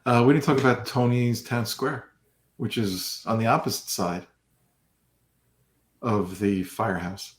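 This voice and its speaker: A man's voice: on the low side, fairly even intonation, measured pace, long pauses, reverberant. A man co-hosting a casual fan podcast, talking about the theme park with gushing enthusiasm. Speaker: podcast co-host. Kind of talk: casual chat.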